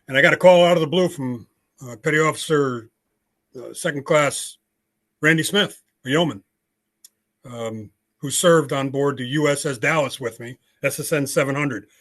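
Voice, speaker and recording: Speaking at normal speed with a medium-pitched, slightly bright voice, an older American man recounts his story as a podcast guest over a video call. His telling is blunt and full of fillers.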